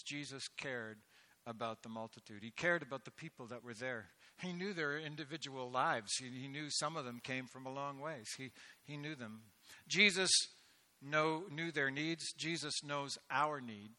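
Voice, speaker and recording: A man preaching a sermon, swelling into loud, emphatic delivery with rhetorical questions. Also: on the high side. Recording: echoey hall with long reverb.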